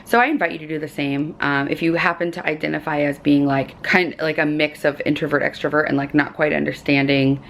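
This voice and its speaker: Low gravelly woman vlogging chattily. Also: level tone, fairly quick, few pauses, a bit bright, slight background noise. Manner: chatty, filler-heavy, upbeat. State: losing her voice. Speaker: lifestyle vlogger. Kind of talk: casual vlog chat. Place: hotel room.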